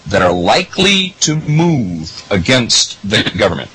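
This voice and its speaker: Animated, indignant male talk radio host. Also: medium pitch, measured pace, hardly any pauses, a little hiss or hum, poor audio. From United States. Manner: animated, rambling, indignant with many restarts. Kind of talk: political talk radio monologue.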